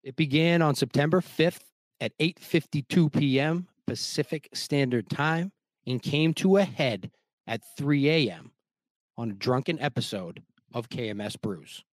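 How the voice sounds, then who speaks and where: A man's voice: medium pitch, a little slow, dry recording. A man joking dryly as a guest, then announcing the fight in a mock-serious tone. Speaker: ring announcer for the show.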